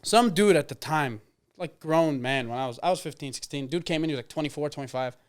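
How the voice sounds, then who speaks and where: Young male fighter, rapid casual storyteller, smooth clear voice, slightly high. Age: 20s. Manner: rambling, lots of fillers and quoted dialogue. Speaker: interview guest, MMA fighter.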